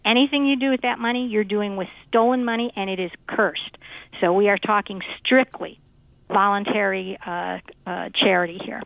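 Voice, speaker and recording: A woman's voice: medium pitch, fairly even intonation, normal speed, gravelly, no room sound. Fiery woman on a tinny phone line. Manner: fiery, emphatic, preachy. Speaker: radio show guest. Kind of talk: impassioned call-in talk.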